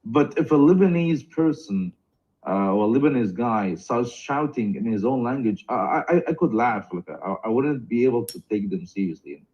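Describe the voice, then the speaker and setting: A man's voice: mid-range voice, animated, moderate pace, a little mellow. A man talking in a casual live-stream chat, hesitant, with many repeated starts and fillers. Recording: dull lo-fi sound.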